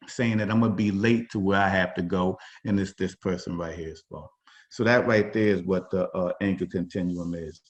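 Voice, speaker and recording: A man with a low voice leads a workshop over a video call. He talks in a relaxed, informal way, with frequent fillers and restarts. The audio is dull and lo-fi. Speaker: workshop facilitator. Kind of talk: conversational workshop talk.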